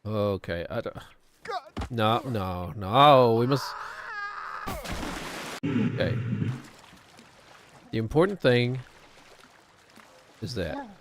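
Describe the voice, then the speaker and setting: A man's voice: on the low side, expressive, drawn-out words, pauses often, a bit bright, a little hiss or hum. A middle-aged man from New Zealand with a New Zealand accent, chatting casually as a streamer while gaming, rambling and correcting himself as he goes. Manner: rambling, self-correcting, chuckling.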